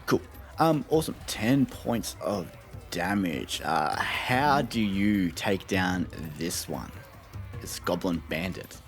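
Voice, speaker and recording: A man narrating a tabletop game as game master, relaxed and hesitant with many fillers. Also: deep voice, slow, soft background music.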